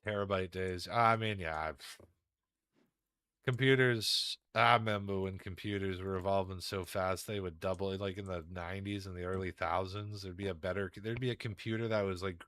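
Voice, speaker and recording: Profane rambling streamer, deep voice. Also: male voice, fairly even intonation, moderate pace, a bit bright, clear, resonant tone, no echo. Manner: rambling, profane, folksy slang. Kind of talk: casual gaming stream chat.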